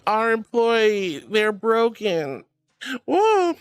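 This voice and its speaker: Reading her livestream chat, this bubbly VTuber giggles and calls viewers sweetie and darling. She speaks in an animated mid-range voice at normal speed, with no room sound audible.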